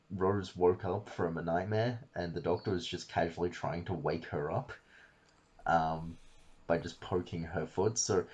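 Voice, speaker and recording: Low, husky man chatting on a podcast. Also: darkish tone. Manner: rambling, many fillers, swears casually. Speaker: podcast host. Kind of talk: casual chat, retelling a story.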